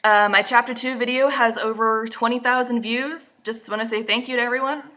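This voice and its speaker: A woman's voice: fairly high pitch, fairly even intonation, a little fast, bright, forceful tone. A young woman vlogger giving a casual, sarcastic recap, a little stuffy from allergies, seated indoors at her camera. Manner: sarcastic, mocking asides.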